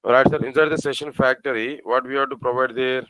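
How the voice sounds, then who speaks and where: Man, programming teacher, middle pitch, rhetorical questions to the class, spells out code slowly, dry close sound. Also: steady tone, fairly bright tone, no echo, rough recording. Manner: asks the class rhetorical questions, repeats phrases. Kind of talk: live coding lecture.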